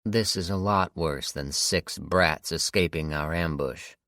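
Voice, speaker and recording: A man's voice: sits low, measured pace, fairly bright tone, dry recording, studio quality. A man voicing a ruthless female gang leader. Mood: cold menace. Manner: cold, clipped, threatening. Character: ruthless woman gang leader, cold and menacing.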